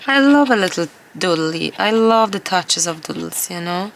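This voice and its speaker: A woman collage artist chatting casually to camera while she crafts, her voice hoarse and gravelly, talking in a rambling way with frequent laughs. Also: fairly low pitch, animated, normal speed, slight background noise.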